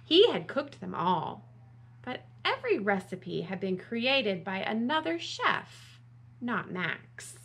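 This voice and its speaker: A woman librarian reading a picture book aloud at storytime, slow and expressive, asking the children questions. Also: mid-range voice.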